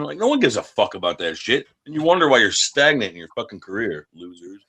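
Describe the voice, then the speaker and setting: A man's voice: lowish voice, big pitch swings, fast talker, sharp tone, slightly rough. A man from the United States, an independent wrestler, talking in a casual interview, brash and profane, acting out other people's voices in his stories.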